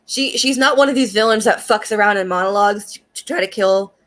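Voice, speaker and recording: A woman's voice: mid-range voice, fairly quick, a bit bright. A young woman casually reviewing an anime, talking in a chatty, profane way and filling her sentences with "like" and "um.". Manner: chatty and profane, with frequent fillers and laughs.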